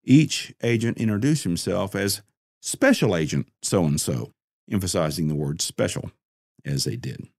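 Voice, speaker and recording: Deep-voiced man narrating a crime story. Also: very animated, moderate pace, creaky, a little mellow, no room sound, studio quality.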